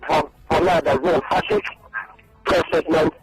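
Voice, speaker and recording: A man's voice: fairly high pitch, fairly even intonation, normal speed, slightly rough, faint music behind, low-quality recording. A man, a journalist guest on a radio interview, making his points emphatically and repeating them. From Nigeria.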